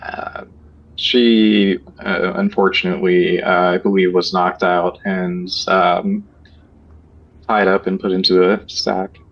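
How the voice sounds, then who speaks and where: Male player in character, very low and slow delivery, muffled audio. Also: little pitch movement. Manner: slow, halting, formal. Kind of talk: in-character tabletop role-play.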